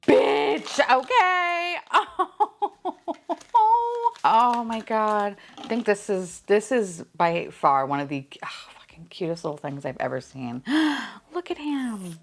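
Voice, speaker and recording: A young woman chatting casually as she unboxes collectibles, excitable, laughing often and cursing freely. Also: mid-range voice, takes it slowly, vocal fry.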